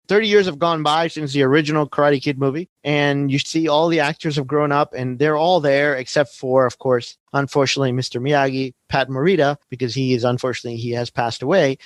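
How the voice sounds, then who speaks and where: A podcast host in his forties rambles casually through a story in a teaching style, frequently tacking on "right?" His voice is a little high, with no room sound.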